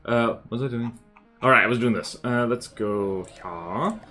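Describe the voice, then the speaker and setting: A man's voice: mid-range voice, sharp tone, faint music behind. A man with an Australian accent chatting casually and joking as he streams a game. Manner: chatty, jokey, quick to laugh. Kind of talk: casual live-stream chat over gameplay.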